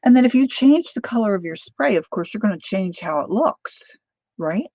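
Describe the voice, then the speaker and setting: Crafting vlogger, female, gravelly voice, dry dull-sounding close mic, chatty thinking aloud. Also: mid-range voice, animated, a little fast, a little mellow, dry recording. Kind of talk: casual demo chat while crafting.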